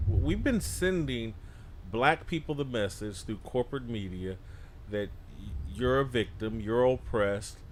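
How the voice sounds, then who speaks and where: Middle-aged male guest pundit, medium pitch, blunt and forceful, slight background hiss. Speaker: guest commentator. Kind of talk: opinionated talk show commentary.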